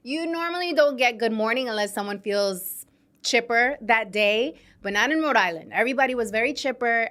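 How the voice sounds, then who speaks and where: A woman in her thirties from New York City, hosting her own show and telling a story to her listeners in a chatty, animated way, laughing often. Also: mid-range voice. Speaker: podcast host. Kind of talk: casual storytelling monologue. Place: studio.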